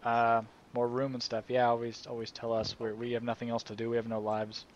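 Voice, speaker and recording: A man's voice: mid-range voice, monotone, fairly quick, lo-fi sound. A man co-hosting a casual live-streamed radio chat, joking and teasing. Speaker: radio co-host.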